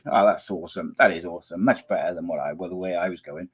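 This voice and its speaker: A man's voice: sits low, fast talker, few pauses, slightly rough. A middle-aged man, hosting a live podcast and reading out viewer comments in casual, teasing chat; he is losing his voice. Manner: chatty, teasing, rambling with many restarts.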